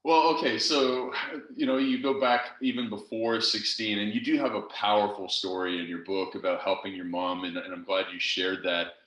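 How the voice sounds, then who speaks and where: A man's voice: fairly low pitch, steady tone, moderate pace, fairly bright tone. A male podcast host asking curious, conversational questions of his guest. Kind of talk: interview questions. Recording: echoey room.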